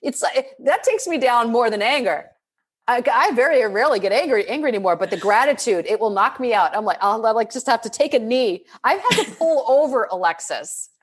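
Her voice on the high side and slightly rough, a middle-aged woman who works as a transformational leadership coach talks in a casual podcast conversation. She's animated and expressive, quick to laugh, and often begins her sentences over.

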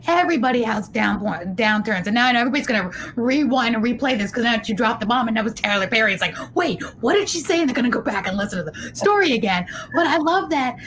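A woman hosts a conversational interview, effusive and full of enthusiasm for her guest. Her voice sits somewhat high for a woman. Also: a bit bright, slight background noise, rough recording. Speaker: show host.

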